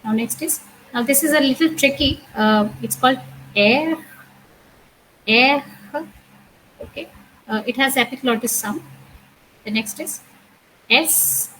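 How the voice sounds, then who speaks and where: A woman's voice: high-pitched, normal speed, fairly bright tone, a little hiss or hum, rough recording. A woman teaching an introductory French lecture, explaining patiently and repeating each sound and word, with frequent "uh" and "okay". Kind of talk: recorded university lecture.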